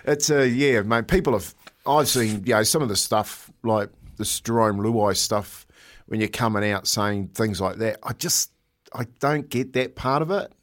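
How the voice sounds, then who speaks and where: A man, chatting on a sports radio show in a fairly low voice. He rambles in stop-start bursts and breaks into giggles often. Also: unhurried. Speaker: radio co-host. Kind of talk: casual sports radio chat.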